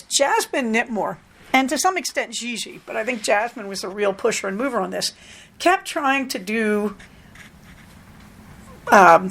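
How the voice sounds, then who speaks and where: A woman's voice: a little high, a bit bright. A middle-aged woman hosting a podcast, talking in a rambling, self-deprecating way with frequent fillers. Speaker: podcast host. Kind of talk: casual podcast monologue.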